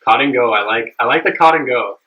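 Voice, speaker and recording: A man's voice: mid-range voice, fairly quick, dull audio. A young man hosting a live cooking stream, chatting casually and upbeat with his viewers, rambling with plenty of fillers.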